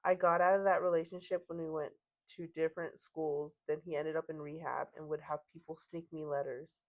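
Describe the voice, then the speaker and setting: A woman's voice: sits low, flat delivery, a little fast. A woman hosting a podcast, casually reading out online stories and chatting about them, with fillers. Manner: conversational, reads posts aloud with laughs and fillers. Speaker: podcast host.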